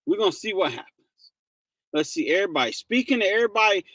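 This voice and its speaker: A man's voice: high-pitched, big pitch swings, fast, a bit bright, dry recording. A man hosting a casual livestream, greeting viewers by name and laughing often. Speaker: livestream host.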